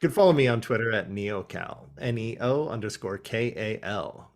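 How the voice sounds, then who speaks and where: A man's voice: on the low side, animated, normal speed. A Canadian man co-hosting a podcast, chatting casually and joking with frequent laughs over a video call. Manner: jokey, laughs often. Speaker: podcast co-host. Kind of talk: casual chat.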